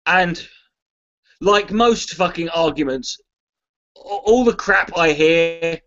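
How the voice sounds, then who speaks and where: A man's voice: fairly high pitch, slow, fairly bright tone, lo-fi sound. A man who is a comedian chats loosely on a charity livestream, swearing freely, mocking himself and reading chat messages aloud. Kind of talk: casual rambling livestream chat.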